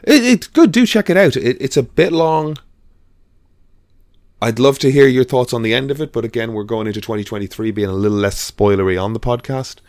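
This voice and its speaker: A man's voice: mid-range voice, expressive, a little fast, a little mellow, dry recording, clean studio sound. A man hosting a podcast in casual chat, rambling and hesitant with lots of fillers. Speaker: podcast host.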